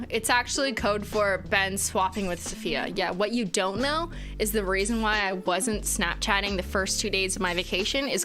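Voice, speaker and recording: A woman in her late twenties opening fan mail on a live stream in casual, chatty talk, swearing freely and laughing often. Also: mid-range voice. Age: late 20s.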